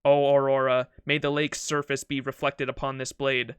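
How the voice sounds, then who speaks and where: A man's voice: medium pitch, little pitch movement, moderate pace, clear, resonant tone, no echo, clean studio sound, lightly acted. A man voicing a proud, courteous knight swordsman from a game, reading his lines in a formal, solemn way.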